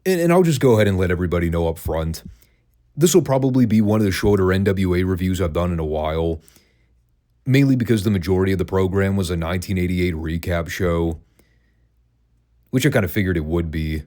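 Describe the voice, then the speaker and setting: A man's voice: low voice, brisk, dark tone. A man hosting a solo podcast, talking in a wry, sarcastic, conversational way. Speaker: wrestling podcast host. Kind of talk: casual commentary, solo podcast.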